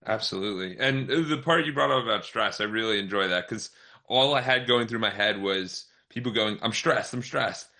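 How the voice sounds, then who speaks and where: A man's voice: lowish voice, fairly quick, sharp tone. A man hosting a podcast interview, chatting casually and affirming his guest with enthusiasm. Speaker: podcast host.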